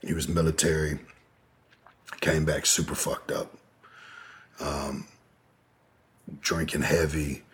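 A man's voice: extremely low pitch, little pitch movement, slow, long pauses, slightly rough. A man telling a long personal story as an interview guest, candid and rambling, with frequent profanity and fillers.

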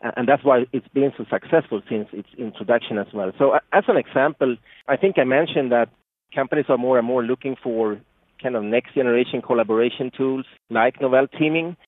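A man's voice: medium pitch, brisk, dry recording. A man with a Swedish accent, a product marketing guest, explaining earnestly with many restarts and fillers. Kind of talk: explanatory interview answers. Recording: tinny phone-like line, dry.

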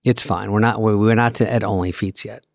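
A man's voice: brisk, gravelly, dry recording, clean studio sound. A man co-hosting a podcast, telling a story in a casual chat and acting out other people's voices as he goes. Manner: animated storyteller, acts out his mother's voice in high pitch. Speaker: podcast co-host.

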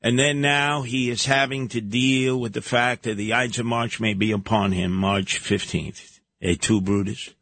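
A man's voice: medium pitch, steady tone, measured pace, vocal fry, fairly bright tone, dry recording. A man hosting a talk radio show, giving combative, sarcastic commentary. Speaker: radio host.

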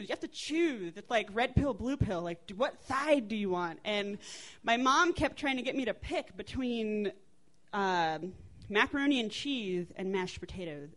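A woman in her twenties with an American accent, telling a funny family story on stage in a chatty, animated way, laughing and swearing as she goes. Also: fairly high pitch, a little slow. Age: 20s.

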